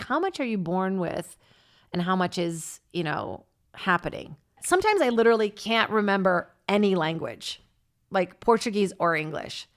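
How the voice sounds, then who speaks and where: A woman's voice: on the low side, gravelly. A woman comedian hosting her own podcast, chatting in a rambling, playful and profane way. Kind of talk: solo comedic podcast chat.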